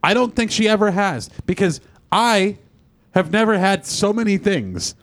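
A man in his thirties telling a story in casual podcast chat, animated and swearing freely. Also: sits high, a little slow, heavy background noise. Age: 30s. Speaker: podcast host.

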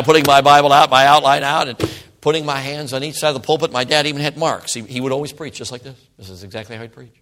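A man in his sixties, a pastor telling a story in a sermon, swinging from loud outbursts to hushed whispers. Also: medium pitch. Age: 60s.

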